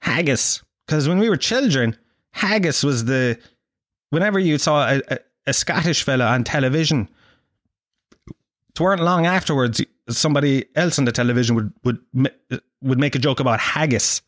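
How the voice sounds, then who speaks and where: A man's voice: medium pitch, normal speed, fairly bright tone, no echo, clean studio sound. Sweary Irish man, comic monologue. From Ireland. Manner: sweary, sarcastic, self-mocking. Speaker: podcast host.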